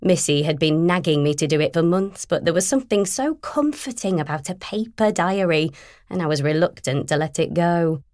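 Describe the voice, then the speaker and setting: A woman narrates a first-person novel in a wry, even storytelling tone. Her voice sits somewhat low for a woman. The recording is dry and close, with no room sound. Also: normal speed, no room sound. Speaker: audiobook narrator.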